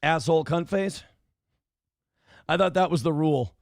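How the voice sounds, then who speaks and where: A man's voice: on the high side, normal speed, no room sound, clean studio sound. A middle-aged man hosting a livestream morning show, reading out donations in a brash, taunting, profane way. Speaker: host.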